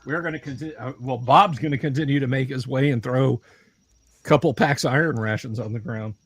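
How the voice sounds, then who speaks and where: A man's voice: medium pitch, slightly rough, no echo. A man playing a tabletop game, making jokes and stumbling over his words. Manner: joking, quick asides, stumbles over words. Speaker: player.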